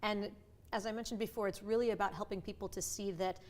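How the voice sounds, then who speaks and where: Middle-aged woman, voice coach, animated and expressive, easy conversational interview tone. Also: medium pitch. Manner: animated, with quick vivid asides and playful voices. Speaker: voice and communication coach.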